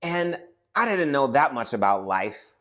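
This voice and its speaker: A man in his thirties telling a comic personal story on his own channel, animated and acting out voices and shouts. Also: mid-range voice, a little slow. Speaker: storyteller vlogger. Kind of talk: casual comedic storytelling.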